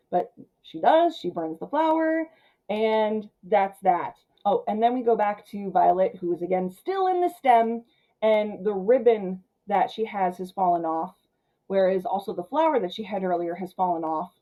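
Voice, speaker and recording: A woman hosting a casual film recap, chatty and full of filler words, who acts out the characters' lines in quick paraphrase. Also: mid-range voice, warm tone, rough recording. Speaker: film channel host.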